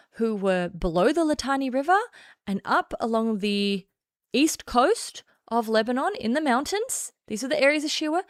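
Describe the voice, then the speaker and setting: A woman's voice: fairly high pitch, no room sound, clean studio sound. An Australian woman doing casual political commentary on a stream, blunt and sarcastic, often laughing.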